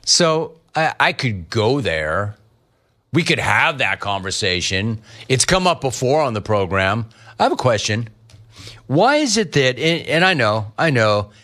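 A middle-aged man hosting a sports talk radio show, riffing lively on callers and the news. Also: mid-range voice, a little slow. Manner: lively, riffing, mock-quoting callers and family.

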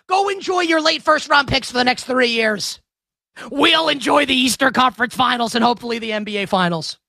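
A woman hosts a sports talk monologue, ranting excitably and breaking into shouts. Her voice sits high and bright, and the sound is close and dry. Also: brisk, no room sound. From New York. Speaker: sports show host.

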